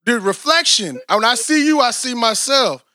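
In casual chat as a podcast co-host, a man from Texas, USA, gets animated, rambling and slangy, with frequent "you know what I'm saying." He talks at a normal speed in a very high voice, and there's no echo.

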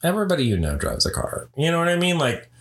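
A man's voice: on the high side, huge pitch swings, fast talker. A middle-aged man co-hosting a podcast in casual chat, telling stories animatedly with many "like"s and "you know"s. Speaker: podcast co-host.

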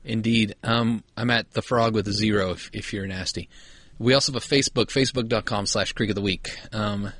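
A man's voice: on the low side, steady tone, a little fast, fairly bright tone, no room sound. A man co-hosting a podcast in casual chat, joking around, swearing freely and laughing often. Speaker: podcast co-host.

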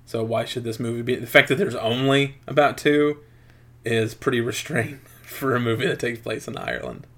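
A man co-hosting a podcast casually retells a film's plot while reviewing it, rambling with lots of fillers. His voice is medium-pitched and fairly bright, with lively intonation and a moderate pace.

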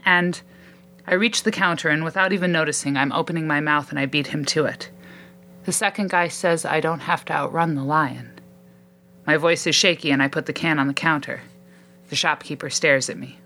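Woman reading a spooky first-person story, low voice, tense and suspenseful. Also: brisk, bright, forceful tone.

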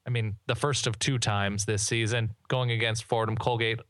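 A man's voice: on the low side, steady tone, moderate pace, a bit bright, smooth, dry recording. A man co-hosting a podcast, chatting casually about college football with joking, rambling asides. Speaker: podcast co-host. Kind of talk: casual sports chat.

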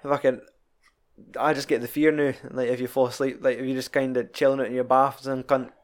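Young scottish guy, sweary and animated, laughs a lot, mid pitch. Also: fairly quick. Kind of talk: casual chat.

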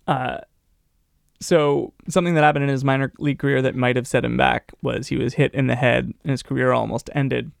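A man's voice: medium pitch, gravelly, no echo, studio quality. A man co-hosting a podcast, chatting casually about baseball history in a rambling, joking way with many fillers. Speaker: podcast co-host.

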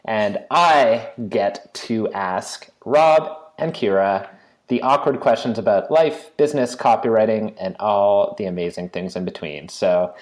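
A man's voice: fairly low pitch, measured pace, low-quality recording. Playful man hosting a podcast chat. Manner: playful, joking. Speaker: guest interviewer.

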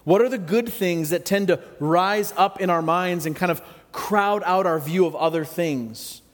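Conversational pastor with a long hall echo. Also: male voice, high voice, measured pace. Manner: conversational, reflective, with gentle humor. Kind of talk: sermon.

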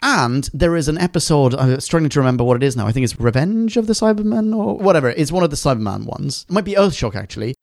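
A man co-hosting a podcast in casual, animated, jokey chat, swearing now and then. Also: a little high, fast talker, gravelly, few pauses, no echo, studio quality. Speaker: podcast co-host.

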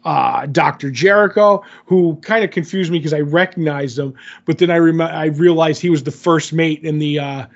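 A man's voice: on the high side, moderate pace, vocal fry, lo-fi sound. A man casually recapping a TV episode in a loose, rambling way, full of fillers. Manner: rambling, filler-heavy retelling. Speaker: podcast co-host.

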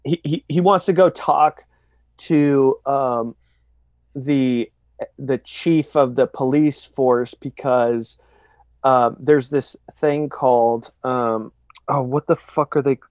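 A man's voice: medium pitch, slow pace, no room sound. A man telling crude, rambling stories in a casual chat between friends. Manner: profane, rambling, animated storyteller.

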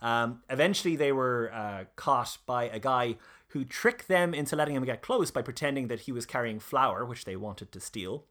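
Man, mid-pitch, casual podcast presenter, halting delivery full of ums and restarts. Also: expressive, fairly bright tone. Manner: hesitant, many fillers and restarts. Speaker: presenter of a history discussion.

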